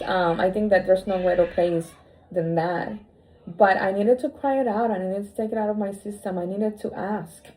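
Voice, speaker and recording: A woman telling a personal story in a heartfelt conversation, emotional and halting, often restarting her phrases. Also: medium pitch, darkish tone, low-quality recording. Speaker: co-host sharing her story.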